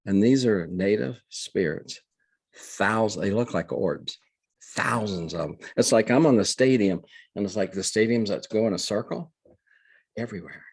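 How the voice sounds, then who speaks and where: An older man, telling a long personal story as an interview guest in an earnest, halting way with many restarts. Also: on the low side, darkish tone, husky, no echo. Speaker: guest, reverend. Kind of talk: conversational storytelling.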